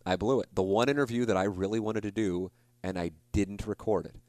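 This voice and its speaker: Man, forties, podcast host, casual monologue, rambling and self-deprecating, lowish voice, dry sound. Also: fairly quick, darkish tone, no room sound. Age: 40s. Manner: rambling storyteller, self-deprecating, frequent restarts.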